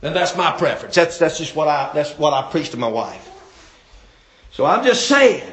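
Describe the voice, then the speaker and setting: A man preaching a comic sermon, telling jokey stories and often shouting. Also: a little high, big pitch swings, normal speed, far from the mic. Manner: joking storyteller, often shouting. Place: church sanctuary. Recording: echoey church hall from afar.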